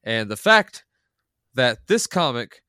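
A man's voice: medium pitch, big pitch swings, slow, pushed and bright, clean tone, dry recording, clean studio sound. A man co-hosting a podcast, chatting enthusiastically and rambling with restarts. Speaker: podcast co-host. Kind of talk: casual podcast chat.

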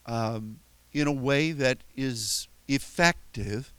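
A man preaches in a relaxed, conversational way, often circling back and restarting his phrases. His voice sits at a middle pitch. The sound is dry and close, with no room echo. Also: smooth. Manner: conversational, halting with frequent restarts; tells stories with chuckles and playful quoted voices. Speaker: pastor. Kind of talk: sermon.

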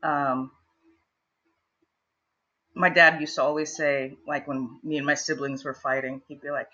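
Bright-voiced woman telling a chatty story. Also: deep voice, flat delivery, measured pace, pauses often, muffled recording. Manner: chatty, many fillers and restarts. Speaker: guest, actress and improv performer. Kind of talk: casual storytelling interview.

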